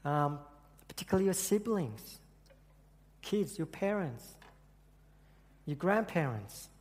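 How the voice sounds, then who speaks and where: In a church hall with long, echoing reverb, a man tells a personal story during an earnest sermon. His voice is a little high, very animated and slightly mellow, and he keeps stopping and restarting his sentences.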